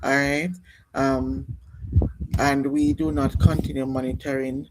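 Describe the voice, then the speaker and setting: This nursing instructor's voice is extremely low, creaky, and sing-song, and she talks a little slowly. In her classroom lecture on exam questions she explains step by step, restarts, and calls on students, with background noise throughout.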